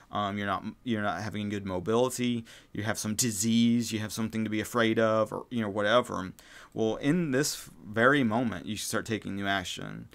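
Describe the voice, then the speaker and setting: A man with a lowish, slightly bright voice hosts a spiritual self-help podcast. He talks casually and rambles, with lots of fillers and restarts and the occasional swear word.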